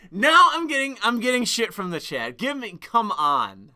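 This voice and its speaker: A male streamer holding forth on a live stream and snapping back at his chat, swearing as he goes. His voice sits high and sounds bright and sharp. The tone is smooth and clear throughout. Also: huge pitch swings. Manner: profane, combative, quick to argue with chat.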